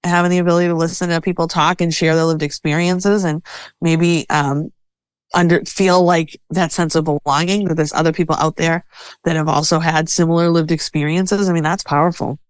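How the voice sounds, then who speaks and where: A woman talking as a podcast guest about self-care, animated, sometimes acting out voices in her head as quotes. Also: sits low, a little fast, clear, resonant tone, no echo. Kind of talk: conversational interview.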